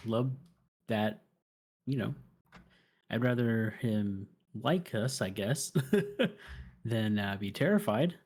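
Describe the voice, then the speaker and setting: A man playing a tabletop game, speaking in character with polite, measured diplomacy. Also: lowish voice, a little mellow. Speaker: player. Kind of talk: in-character tabletop role-play.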